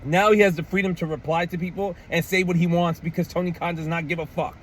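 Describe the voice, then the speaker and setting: A man's voice: on the high side, fast talker. A man ranting about wrestling in casual, profane commentary, full of "man" and "like" and mocking voices. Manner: animated, profane, repeats "man" and "like".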